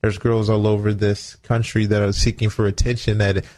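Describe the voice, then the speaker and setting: On the low side and a little mellow, this man's voice is flat at normal speed, with a bit of hiss or hum. He's a radio talk show co-host and former football player, earnest and preachy about faith, family and leadership, acting out small quoted exchanges.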